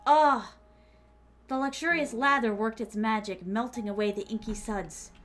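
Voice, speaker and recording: Woman streamer, slightly high, playful, mutters drafts aloud; soft music under her. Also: normal speed. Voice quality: slight put-on accent. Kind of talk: casual writing stream.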